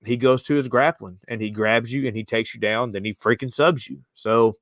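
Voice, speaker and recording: A man's voice: medium pitch, fairly even intonation, moderate pace, fairly bright tone, no room sound, studio quality. A man hosting a casual live-streamed sports podcast, loose and slangy, joking with his co-host.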